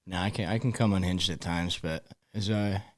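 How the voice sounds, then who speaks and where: A middle-aged football coach with a low voice talks through his stories at an easy pace. He slips into the voices of the people he quotes, plays them out briefly, then goes back to telling. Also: moderate pace. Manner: relaxed storyteller who acts out quoted dialogue. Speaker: high school football head coach. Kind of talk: podcast interview, storytelling.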